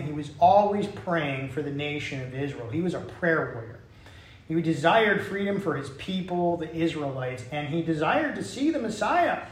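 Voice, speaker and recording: A man preaching a sermon in a conversational way, with casual asides and restarts. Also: fairly high pitch. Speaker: pastor. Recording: echoey room.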